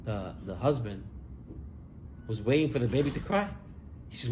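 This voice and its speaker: A man's voice: medium pitch, animated, moderate pace, long pauses, a little mellow, a little hiss or hum. A man, a rabbi, telling stories in a sermon, his voice rising and falling with the tale. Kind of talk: sermon storytelling.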